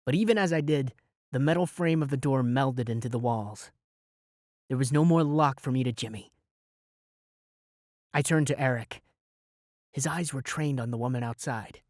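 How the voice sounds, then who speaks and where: A young man narrating a fantasy audiobook in the first person with lively, dramatic delivery. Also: mid-range voice, normal speed, long pauses, no echo, studio quality. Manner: lively, dramatic storytelling with shouted spells.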